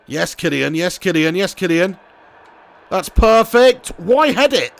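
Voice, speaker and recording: Young male streamer, high gravelly voice, sweary excitable game commentary and chat banter. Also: measured pace. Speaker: gaming live streamer.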